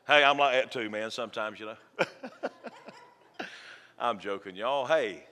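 A man's voice: medium pitch, unhurried, sharp tone, a little hiss or hum. A man preaching a sermon in a church, folksy and fervent, joking with the congregation. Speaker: pastor. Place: church sanctuary. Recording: long church reverb.

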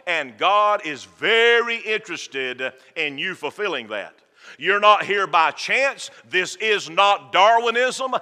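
A man's voice: high voice, bright, forceful tone. A man preaching a sermon in a church, folksy and fervent, joking with the congregation. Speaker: pastor. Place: church sanctuary. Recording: long church reverb.

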